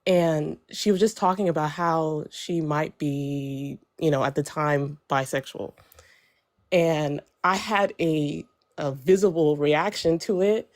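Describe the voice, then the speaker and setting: A woman's voice: low voice, takes it slowly. A young woman telling a personal story on a live stream in a casual, chatty way, full of fillers and quoted dialogue. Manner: chatty, lots of fillers, animated when quoting others.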